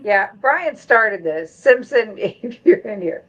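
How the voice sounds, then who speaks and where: A middle-aged woman hosts a casual live stream, reading viewer comments aloud in a chatty way. Her voice sits at an ordinary pitch. The sound is slightly muffled, like low-grade stream audio. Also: animated, takes it slowly, a bit bright.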